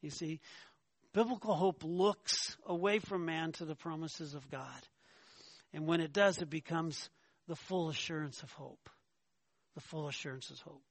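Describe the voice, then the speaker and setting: A man preaching a sermon, emphatic, often asking his listeners "right?" and rising in pitch when he argues a point. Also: unhurried, gravelly, husky, no room sound. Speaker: pastor.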